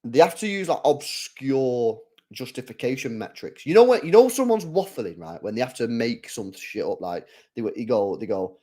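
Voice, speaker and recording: A man hosting a live football watch-along, chatting casually in slang, reading out chat and reacting with excited outbursts when the play heats up. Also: medium pitch, moderate pace, hardly any pauses.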